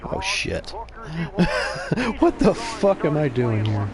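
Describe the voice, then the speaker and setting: A man's voice: fairly high pitch, huge pitch swings, very slow, a crowd in the background. A man giving casual gameplay commentary for his channel, rambling and profane, often chuckling. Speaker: gaming channel host.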